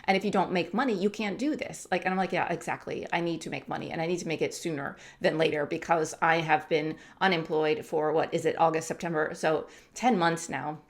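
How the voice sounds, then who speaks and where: Chatty, animated woman vlogger. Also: low-pitched, a little fast, few pauses. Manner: chatty, animated, acts out her own inner voice. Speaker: YouTube coach and vlogger. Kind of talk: casual talking-to-camera vlog.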